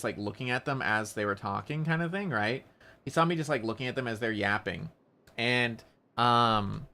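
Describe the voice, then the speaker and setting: A man streaming a game, telling a story in lively casual chat with laughter and swearing. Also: mid-range voice. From Canada.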